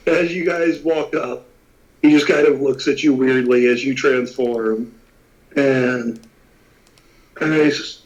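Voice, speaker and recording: A man running a tabletop game as game master, casual and quick to laugh. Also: mid-range voice, steady tone, muffled recording.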